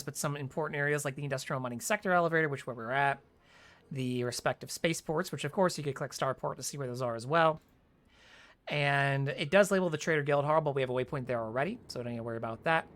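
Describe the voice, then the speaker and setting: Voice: medium pitch, a bit bright. A gamer giving casual, chatty commentary on a game quest walkthrough, with jokey asides between the instructions.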